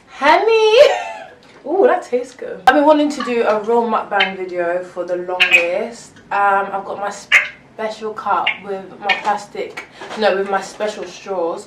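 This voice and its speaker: A young woman with a London accent chatting excitedly through a mukbang vlog, rambling and giggling between bites. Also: mid-range voice, far from the mic, heavy background noise. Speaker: vlogger. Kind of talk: casual mukbang chat. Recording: roomy echo, mic some way off.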